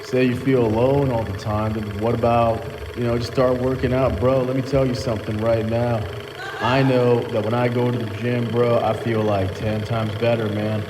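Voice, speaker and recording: Drawling dismissive gym bro, put on by a comedian, monotone, echoing hall, audible room noise. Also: male voice, mid-range voice, moderate pace, voice pushed down, close to an everyday voice. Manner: drawling, full of "bro" and "man". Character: laid-back male gym bro, brushes off problems.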